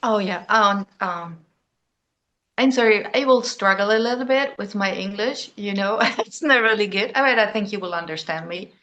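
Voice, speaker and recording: Woman guest, English, nervous and hesitant, mid pitch. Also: fairly bright tone, lo-fi sound. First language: German. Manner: halting, hesitant, with many fillers. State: nervous, emotionally shaken. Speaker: interview guest. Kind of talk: personal testimony.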